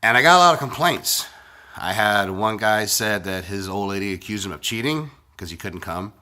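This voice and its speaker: A man's voice: fairly low pitch, animated, normal speed, pushed and bright. A man who sounds sick, telling a crude, rambling, profanity-heavy story in a blunt casual vlog style. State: sick, congested voice. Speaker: vlogger.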